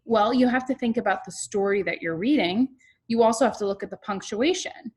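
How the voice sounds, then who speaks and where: A young woman teaching kindergartners in an online class, talking in an animated, expressive teacher voice. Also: fairly high pitch, brisk, husky.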